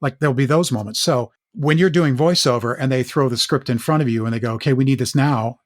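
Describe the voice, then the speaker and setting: A middle-aged man from Northern California, an actor, telling candid stories in a podcast interview in an earnest, halting way that often repeats words. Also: mid-range voice, no room sound. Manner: earnest, halting, with frequent word repeats and restarts.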